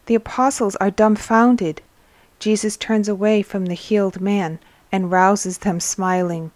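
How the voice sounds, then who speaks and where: A woman's voice: medium pitch, fairly even intonation, a little slow, a little mellow, no echo. A woman hosting a religious teaching episode, reading a book aloud and stopping to explain what it means in an earnest tone. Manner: earnest, explains as she reads. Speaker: host and reader.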